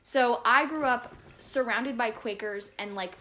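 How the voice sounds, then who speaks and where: A woman's voice: fairly high pitch, a little slow, sharp tone. A young woman hosting a podcast, chatting casually with a friend and rambling with lots of fillers. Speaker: podcast host. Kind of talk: casual chat.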